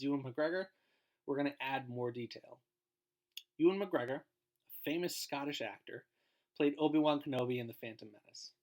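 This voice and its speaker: A man giving a recorded grammar lesson as a guest teacher, explaining in an informal way and trailing off at the ends of phrases. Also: on the high side.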